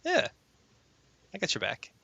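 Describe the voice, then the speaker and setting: A man in his fifties with a bright, sharp-edged voice joins a live stream as a guest. He chats casually and cracks dry jokes. Faint noise sits under his call-in audio. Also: measured pace. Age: 50s. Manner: dry, joking. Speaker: guest artist.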